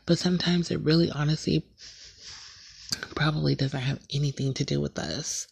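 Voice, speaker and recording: Woman, podcast host, casual candid chat, gravelly fry, breathy-husky tone. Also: sits low, fairly even intonation, normal speed, no echo. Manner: chatty and candid, laughs at herself. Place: a shared house at night, talking quietly.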